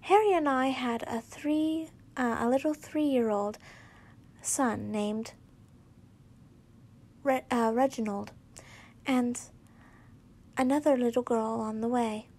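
Slow, halting woman reading fanfiction. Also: on the high side, darkish tone. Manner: halting, frequent restarts and self-corrections. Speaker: fanfiction reader. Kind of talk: casual reading aloud.

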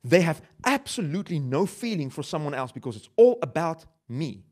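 Preaching a sermon, this pastor sounds lively and animated, his voice swinging up and down a little higher than most men's at a fairly quick pace. He keeps it conversational, putting questions to the congregation and mocking himself with laughs.

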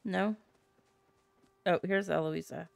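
A woman's voice: on the low side, steady tone, takes it slowly, vocal fry. A woman hosting a gameplay video, chatting casually and reading character dialogue aloud in her own voice.

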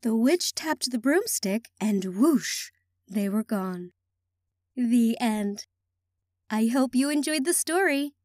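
High lively woman reading a kids' book aloud, sing-song, close and dry. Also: slow, no room sound. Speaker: children's story reader. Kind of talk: read-aloud picture book narration.

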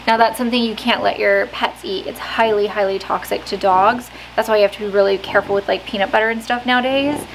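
A woman's voice: medium pitch, fairly even intonation, fast, hardly any pauses. A woman vlogging at home in a casual, chatty way, often laughing and poking fun at herself. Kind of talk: casual vlog chat. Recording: noisy home recording.

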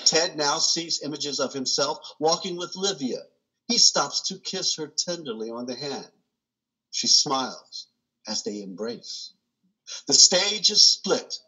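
Man narrating stage directions, slow, bright, husky. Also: a little high, rough recording. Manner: slow, careful reading.

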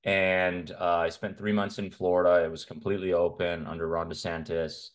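A Canadian men's health coach appears as a guest in a casual interview, speaking bluntly and opinionatedly in long runs. His voice is low, with a level tone and normal speed.

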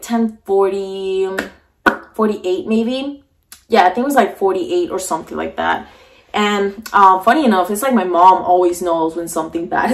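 A young woman vlogger telling a frightening personal story as a storytime vlog, full of fillers and restarts, her voice shaky and emotional, sitting on the floor at home and talking to a camera mic. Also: mid-range voice.

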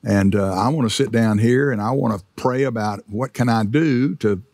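A man's voice: medium pitch, moderate pace, darkish tone, no echo, clean studio sound. A middle-aged male pastor giving a sermon in a church, in a conversational preaching style with frequent fillers and restarts.

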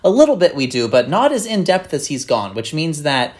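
A woman's voice: deep voice, brisk. A woman from Texas chatting casually while reacting to a video, talkative and full of fillers. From Texas, United States. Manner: chatty, animated, many fillers.

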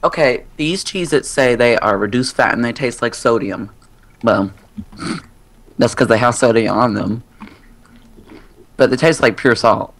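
A woman's voice: very deep voice, measured pace, long pauses. Giggly teenage girl chatting while gaming. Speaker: gamer. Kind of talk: casual gaming chat.

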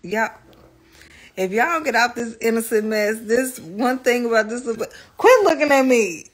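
A woman's voice: fairly high pitch, lively intonation, normal speed, breathy edge. A woman, a mother chatting casually with her young son in a family vlog, laughing often and teasing him. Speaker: mother and vlogger.

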